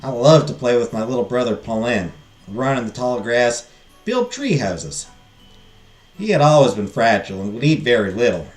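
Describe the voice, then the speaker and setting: A man voicing a wistful young woman farmer who mourns her siblings, with a put-on Southern drawl, telling her story slowly and sadly. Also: medium pitch, animated, echoey room, soft background music, voice pushed down, lightly acted. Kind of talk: reading game dialogue aloud.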